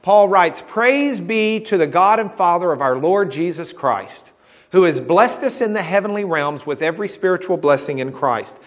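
Guy preaching, kinda high voice, chatty teaching style, keeps saying okay?. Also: animated, moderate pace. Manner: conversational teaching, with frequent "okay?" checks and restarts. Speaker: pastor. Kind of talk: sermon, teaching Bible study.

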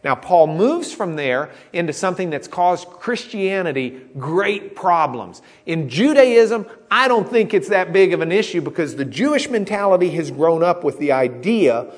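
A man's voice: sits high, big pitch swings, normal speed, few pauses. A man preaching a conversational teaching sermon, checking in with the congregation as he explains. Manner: conversational teaching, with frequent "okay?" checks and restarts. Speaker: pastor. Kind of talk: sermon, teaching Bible study.

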